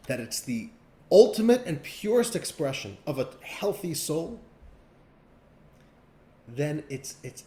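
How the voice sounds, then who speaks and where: A man teaching a class as a rabbi, speaking in an expressive, emphatic style. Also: mid-range voice, roomy sound, a little hiss or hum. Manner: expressive, emphatic, pacing changes often. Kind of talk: animated lesson with storytelling.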